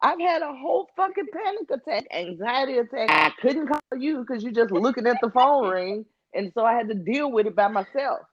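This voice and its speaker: A woman's voice: a little high, brisk, few pauses, muffled recording, very noisy. A woman co-hosting a casual podcast, telling stories with laughs and mimicking her friends. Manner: animated storyteller, laughs often, mimics friends. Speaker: podcast co-host. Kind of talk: casual chat.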